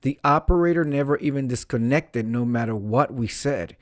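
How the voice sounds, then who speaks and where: A man's voice: mid-range voice, normal speed, dry recording, clean studio sound. A man casually reading out an online confession and commenting on it, often amused and laughing. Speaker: social media host reading confessions.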